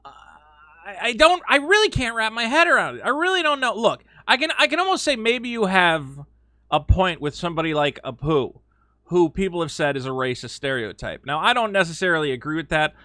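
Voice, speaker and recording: A man giving casual opinion commentary as a video host, animated and sarcastic, slipping into mocking quoted voices with frequent fillers. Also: sits high, a little fast, no echo, studio quality.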